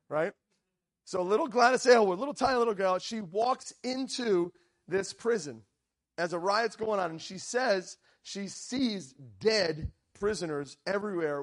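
Animated male preacher, fairly high voice. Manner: animated storyteller, frequent "right?" asides, acts out quoted lines. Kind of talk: sermon storytelling. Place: church.

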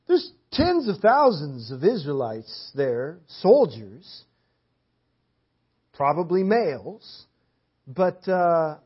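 A man with a high, husky voice preaches in church, a little hoarse and clearing his throat. He builds earnest emphasis through repeated rhetorical questions. The dull, lo-fi recording takes the edge off his voice. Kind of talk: sermon with Bible reading. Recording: dull lo-fi audio.

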